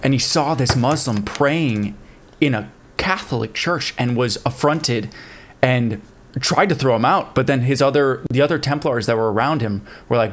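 A man's voice: mid-range voice, moderate pace. A man casually telling a history story to a friend on a podcast, with plenty of fillers. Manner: relaxed storytelling with fillers and laughs. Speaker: podcast co-host.

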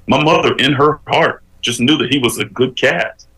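A man, a guest on an interview show, telling his life story with animated, preacherly emphasis that climbs as he builds a point. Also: mid-range voice, moderate pace, low-quality recording.

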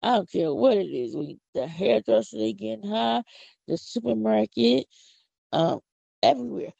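A middle-aged woman from Philadelphia with a Philadelphia accent, hosting a casual, preachy podcast monologue with excited whoops. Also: medium pitch, normal speed, vocal fry, breathy edge, dry recording. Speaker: podcast host. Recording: dull lo-fi audio.

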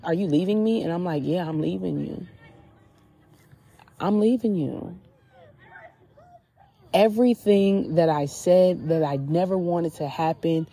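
Low-pitched, warm and slightly rough, this woman's voice carries her podcast as she sits outdoors at a beach. She speaks candidly and chattily about her spiritual reflections, sprinkling in frequent "like" fillers.

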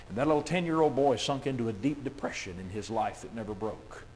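A male preacher delivering a dramatic sermon, swinging from hushed storytelling to loud, emphatic declarations. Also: medium pitch, expressive, a little fast, few pauses, slight background noise.

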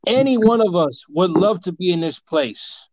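A man's voice: high-pitched, expressive, normal speed, no room sound. A young man on a casual fantasy football podcast, emphatic and opinionated. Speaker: podcast co-host.

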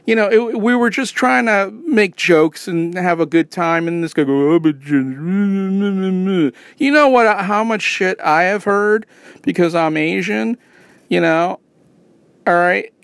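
A man's voice: sits high, a little slow, gravelly, fairly bright tone, smooth, no echo, clean studio sound. A man ranting casually in a rambling, profane and sarcastic way. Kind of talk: casual rant.

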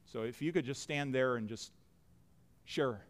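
A man preaching a sermon as pastor to his church, emphatic, with loud rises and soft drops. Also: mid-range voice, unhurried. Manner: emphatic preaching, rising and dropping in loudness. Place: church sanctuary.

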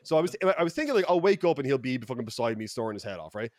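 A man with an Irish accent telling a story on a podcast in a lively, profane way, acting out the people he quotes. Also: medium pitch, racing, no echo, studio quality. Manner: animated, profane, quotes people in mock voices. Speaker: podcast regular. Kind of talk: casual storytelling. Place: podcast studio.

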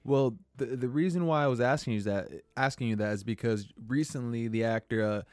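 Podcast host guy, smooth voice, dry close sound, lots of ums while he asks stuff. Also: medium pitch, fairly quick, no room sound. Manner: hesitant, many fillers, posing questions. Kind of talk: casual podcast chat.

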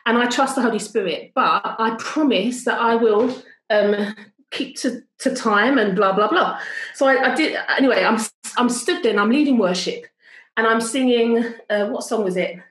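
A chatty middle-aged woman tells a story from home, pitched a little high. She breaks off mid-thought and picks the thread back up. The sound carries a roomy echo from a video call. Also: moderate pace. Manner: chatty, animated, self-interrupting. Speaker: worship leader.

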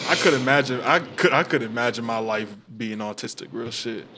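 A man's voice: medium pitch, a little fast, bright, forceful tone, slight background noise. A young man co-hosting a podcast, gossiping and swearing in casual chat. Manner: profane, gossipy, laughing. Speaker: podcast co-host.

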